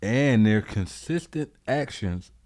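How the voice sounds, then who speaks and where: A man's voice: medium pitch, lively intonation, a little mellow. A man co-hosting a podcast who talks bluntly, swears a lot and restarts his sentences often. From United States. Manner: blunt, profane, halting restarts. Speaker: podcast co-host. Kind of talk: casual chat.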